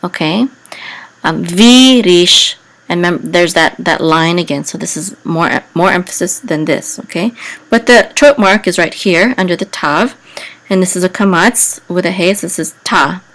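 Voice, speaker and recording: A woman teaching Hebrew reading and chant in a casual, halting way, with many fillers, breaking into a higher sung tone for the words. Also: fairly bright tone.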